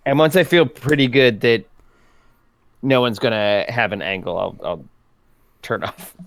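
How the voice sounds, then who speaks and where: A man's voice: mid-range voice, measured pace, a bit bright, a little hiss or hum. A man playing a character in a tabletop role-playing game, talking casually and joking. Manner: playful, joking. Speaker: player.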